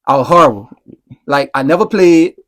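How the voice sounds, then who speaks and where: A man in his thirties telling stories as a podcast guest, animated and profane, rambling through anecdotes. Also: a little high, moderate pace. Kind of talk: casual storytelling.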